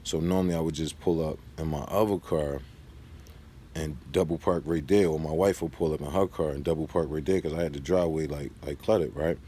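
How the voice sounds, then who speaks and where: A man's voice: very deep voice, steady tone, fairly quick, warm tone, slight background noise. A man talks casually to camera in a vlog, rambling through a story and drifting into advice. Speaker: vlogger.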